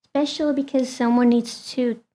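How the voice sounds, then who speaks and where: A woman's voice: fairly high pitch, steady tone, moderate pace, warm tone. A woman streamer chatting casually with her viewers and talking fondly to her cat.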